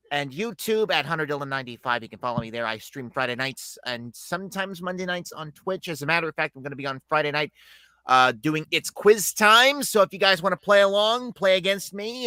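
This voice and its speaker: A man who streams quiz shows, plugging his channels in a lively, upbeat way on a casual livestream chat. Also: a little high, no echo, low-quality recording. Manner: lively self-promoting plug.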